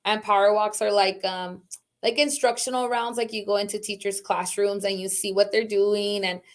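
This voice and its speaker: A woman in her thirties from Socorro, a high school teacher and department chair, talking casually on a video call with lots of fillers. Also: steady tone, moderate pace. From Socorro, Texas. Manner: chatty, many fillers like "like" and "um".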